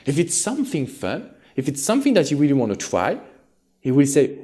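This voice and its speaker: A man's voice: on the high side, huge pitch swings, a little fast, mellow. A man with a French accent giving relationship advice directly to his viewers as a coach, in an earnest and encouraging way.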